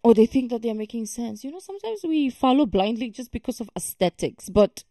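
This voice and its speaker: A woman's voice: on the high side, animated, a little fast, warm tone, dry recording, clean studio sound. A woman hosting a reaction video, talking casually and emphatically with many fillers and exasperated remarks.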